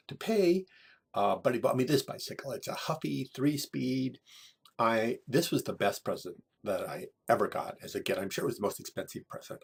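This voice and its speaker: Gravelly man telling a halting story. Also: on the low side. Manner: halting, repeats words, many restarts. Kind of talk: personal story told over photos.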